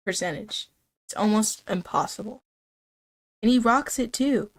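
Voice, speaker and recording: A woman live streamer chatting with her viewers in a loose, playful way. She rambles from one thought to the next and fills her talk with "like" and "dude". Her voice sits at an average pitch. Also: a little slow. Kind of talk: casual live-stream chat.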